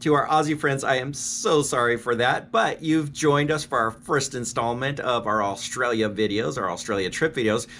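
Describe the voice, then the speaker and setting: A man's voice: mid-range voice, normal speed, hardly any pauses, fairly bright tone, slight background noise. A man in his fifties from the United States, talking in a chatty, joking way as a travel vlogger. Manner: chatty and jokey. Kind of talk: casual travel vlog talk.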